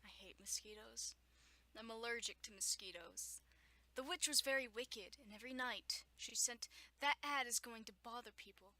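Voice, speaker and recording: A woman's voice: on the high side, normal speed, pushed and bright, dry recording. A young woman at home reading a children's story aloud, often stopping to joke, laugh and make sarcastic asides. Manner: frequent laughter and stumbles. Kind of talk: reading aloud with running commentary.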